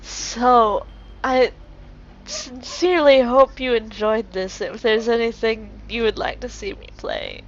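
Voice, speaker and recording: Woman, let's play commentary, slow and unhurried, animated pitch, muffled lo-fi mic. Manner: exclaims and laughs at the game. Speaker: gamer playing a video game. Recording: dull lo-fi mic with faint hiss.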